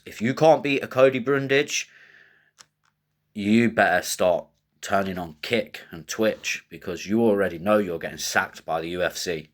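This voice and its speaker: A man hosting fight predictions in casual, animated commentary, joking and swearing. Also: lowish voice. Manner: animated, joking, crude trash talk.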